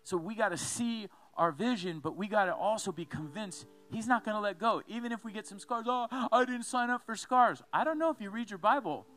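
A man preaching a sermon as a pastor, telling a story with lively asides and repeated phrases. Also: high voice, brisk, few pauses.

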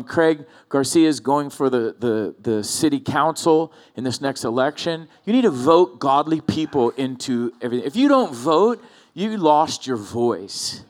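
A middle-aged man preaching to his congregation in an easy, talky manner. His voice sits at an ordinary middle pitch for a man. He drifts from plain teaching into acted-out lines and back. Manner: conversational, animated storytelling with acted-out quotes. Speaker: pastor. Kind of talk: sermon.

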